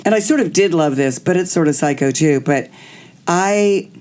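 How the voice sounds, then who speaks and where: A woman's voice: lowish voice, normal speed. Middle-aged woman telling candid stories. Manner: animated, acts out quoted voices. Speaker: podcast host. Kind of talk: candid storytelling chat.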